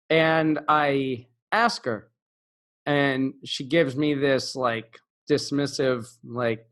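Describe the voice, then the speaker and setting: Young guy teacher telling a story, kinda high voice, acts out quotes, lots of ums and restarts. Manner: animated, acts out quotes with pitch jumps; frequent fillers and self-corrections. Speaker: English teacher. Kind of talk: casual spoken storytelling.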